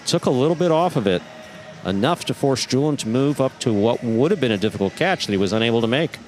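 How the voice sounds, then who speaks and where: A man calling live play-by-play, his voice leaping up on exciting plays and settling back to explain them. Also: mid-range voice, quick pace, faint music behind. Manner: animated, voice jumps up on exciting plays. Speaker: play-by-play commentator. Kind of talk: live sports commentary.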